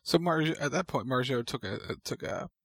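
A man's voice: mid-range voice, animated, brisk, gravelly, dry recording. An easygoing man joins a casual recap, adding details and reactions to his co-host's story. His voice sits in a middle range and sounds close and dry. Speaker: podcast co-host. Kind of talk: casual chat.

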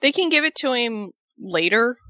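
A chatty woman co-hosting a wrestling recap podcast. Her voice is bright and forward, recorded dry and a little dull. She rambles through asides with animated energy. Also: fairly high pitch, moderate pace, dry recording. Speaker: podcast co-host. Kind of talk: casual wrestling recap chat.

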